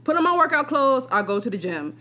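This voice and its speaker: A young woman co-hosting a podcast, telling a story in casual, profane, animated chat. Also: sits high, fast talker. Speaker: podcast co-host.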